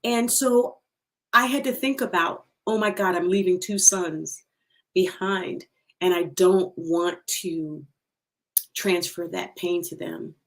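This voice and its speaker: A middle-aged woman hosting a livestream, sharing an emotional personal testimony, slow and heartfelt, repeating phrases for emphasis, her voice breaking at times. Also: on the low side.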